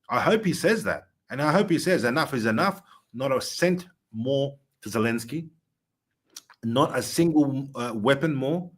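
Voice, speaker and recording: A man hosting a political talk show, speaking earnestly with frequent filler pauses. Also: mid-range voice, animated. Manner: earnest, many filler uhs, rising emphasis. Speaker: host.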